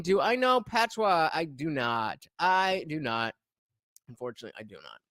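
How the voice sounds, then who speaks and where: An American host reacts to clips in a casual commentary, rambling with plenty of filler sounds and restarts. His voice is a little high and sing-song, fairly bright, at normal speed, recorded clean in a studio with no room sound.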